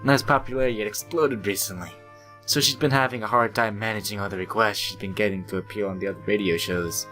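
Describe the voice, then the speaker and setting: A man's voice: on the low side, fast, bright, forceful tone. A young man hosting a let's play, reading a visual novel aloud and breaking off for joking asides. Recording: faint game music behind.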